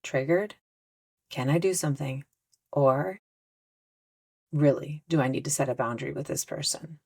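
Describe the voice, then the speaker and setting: A woman with a notably low voice hosts her own self-help podcast. She talks in an earnest, easygoing way, slipping into little acted-out conversations as examples. She sounds like a middle-aged host speaking straight to her listeners. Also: moderate pace, slightly rough. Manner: earnest, gently conversational, often acts out example dialogue.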